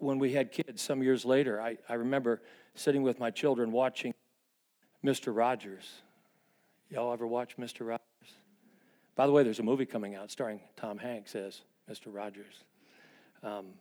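A man in his sixties preaching a sermon as a pastor, moving between hushed confessional passages and fervent, rising emphasis. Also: on the low side.

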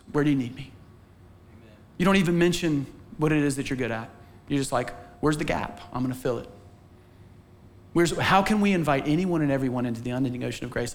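A man preaching a sermon from a church stage, telling a story with animated, acted-out quotes. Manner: animated storytelling, acts out quotes with sudden pitch jumps. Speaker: pastor.

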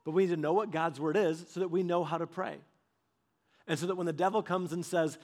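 A man preaching a sermon, telling stories with animated delivery and acting out quoted voices. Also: a little high, brisk.

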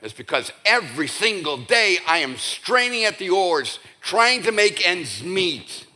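A middle-aged man preaching a sermon as pastor, conversational, dropping to a hush and then rising to emphatic peaks. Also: sits high, big pitch swings, unhurried. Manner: conversational, swinging between hushed and emphatic. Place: church.

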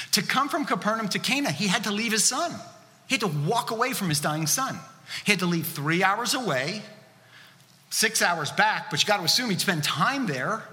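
A man's voice: high voice, sharp tone. A man preaching a sermon as a pastor, earnest and conversational, asking the listeners questions as he goes. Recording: reverberant hall.

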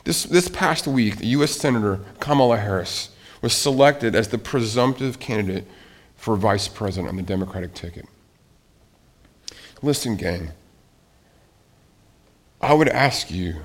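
A man preaching as pastor from the pulpit and leading a spoken prayer, earnest and pleading, often restarting and repeating phrases. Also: on the low side.

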